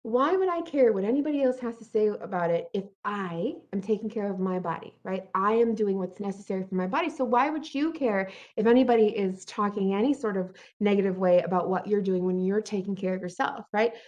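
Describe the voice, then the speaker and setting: A woman speaking at a mid pitch in an earnest, encouraging motivational talk, often checking in with a quick "right?" Now and then she jumps up in pitch to act out her inner thoughts. The recording sounds muffled and lo-fi. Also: a little mellow.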